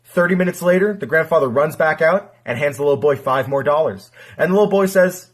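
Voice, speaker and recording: A man telling a dirty joke in a deadpan way, dropping his voice for an old grandfather. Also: fairly high pitch, a little fast, hardly any pauses. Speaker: joke teller.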